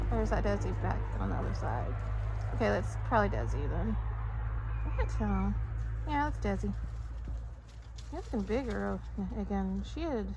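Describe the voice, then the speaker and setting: A woman vlogging casually outdoors in her backyard, cooing at her pets and turkeys in high baby talk. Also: background noise. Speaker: backyard poultry keeper vlogger. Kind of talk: casual vlog chat.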